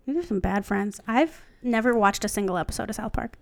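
A woman's voice: mid-range voice, brisk, gravelly, no echo. A woman co-hosting a casual podcast, reading a fan story aloud and breaking off to joke and comment. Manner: chatty, joking, stops to comment.

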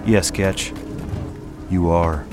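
A man's voice: low-pitched, fairly even intonation, drawn-out words, darkish tone. A man voicing a stern, formal lawman who speaks in clipped, precise sentences, over music. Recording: music playing underneath.

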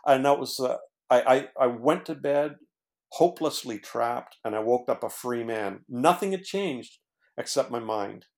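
A man's voice: mid-range voice, unhurried, vocal fry. A man, a former pastor, earnestly telling his own story as a podcast guest, with many fillers and restarts. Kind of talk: casual storytelling in conversation.

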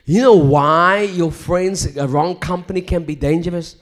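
A man preaching a live sermon, swinging from loud emphatic declarations to hushed near-whispers, with repetitive rhythmic phrasing. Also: a little high, a little slow.

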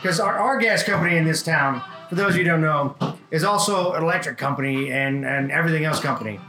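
Male co-host, high voice, chatty and animated, echoey room. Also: fast, soft background music. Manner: chiming in, animated impressions. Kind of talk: casual podcast chat.

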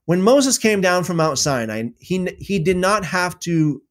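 A man giving an animated religious talk, answering viewer questions with emphatic repetition and loud exclamations. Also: high voice, unhurried. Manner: emphatic, repeats words, swings into loud exclamations.

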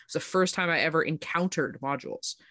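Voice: medium pitch, a little fast, bright, forceful tone, no room sound, studio quality. A player on a tabletop podcast, chatting casually and emphatically.

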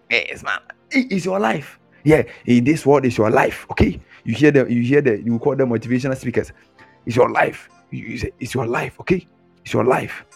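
A man delivers a lively sermon. He mimics boastful talk and chuckles at it, over faint music. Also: mid-range voice, creaky, breathy edge. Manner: animated, mocking mimicry, frequent chuckles. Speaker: preacher.

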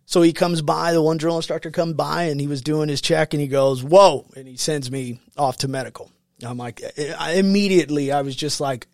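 A military veteran talks in a studio interview, his voice a bit higher than most men's. He tells the story loosely with many fillers and acts out what others said. The sound is dry and close. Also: no room sound. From United States. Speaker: guest, Marine veteran.

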